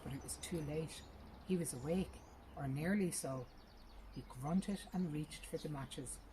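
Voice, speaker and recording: A woman reading a short story aloud in a lively, expressive first-person narration. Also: low voice, unhurried, noisy background. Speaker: reader.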